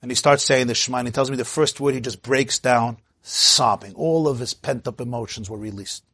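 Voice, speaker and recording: A man's voice: medium pitch, brisk, sharp tone, breathy edge, no echo. A man, a rabbi, giving a storytelling sermon in an emphatic, heartfelt way.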